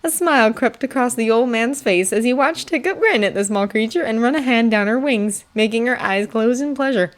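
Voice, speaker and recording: A woman narrating a fanfiction audiobook with a steady, expressive reading. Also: on the high side, a little fast, hardly any pauses. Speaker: audiobook reader.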